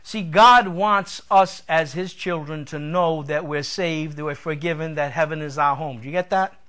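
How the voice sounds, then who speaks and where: A fairly high-voiced man delivering a sermon as pastor. He keeps asking his listeners questions and pushes his voice up to loud, forceful peaks when he drives a point home. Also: normal speed. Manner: preaching with questions to the congregation, rising to loud emphatic peaks.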